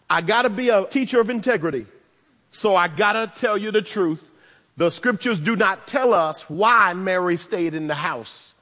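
Man preaching, very high bright voice, animated with humorous asides, long hall reverb. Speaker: pastor. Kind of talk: sermon.

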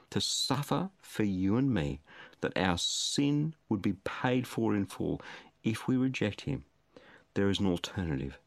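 Male preacher, lively rising and falling delivery, dry close sound, earnest and pleading. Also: lowish voice, a little slow, gravelly, no echo. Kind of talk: sermon.

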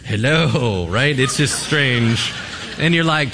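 A pastor preaching a sermon to a congregation, telling a story with humor and acting out voices. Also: male voice, mid-range voice, animated, slow pace, background noise.

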